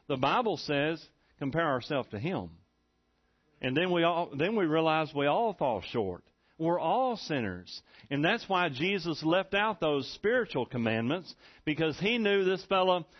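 Folksy preacher man, muffled recording. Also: a little high. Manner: folksy storytelling, laughs often. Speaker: pastor. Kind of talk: sermon.

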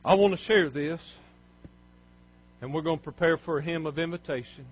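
High, fervent preacher man. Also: normal speed, muffled recording. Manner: fervent, rising to near shouts and dropping low. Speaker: pastor. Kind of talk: sermon.

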